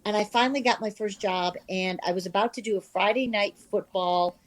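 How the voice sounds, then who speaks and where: A woman in her fifties from the American Midwest, a sports reporter telling her career stories in an interview, animated and self-deprecating. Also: mid-range voice, fairly quick, poor audio. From Midwest of the United States. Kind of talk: candid conversational storytelling.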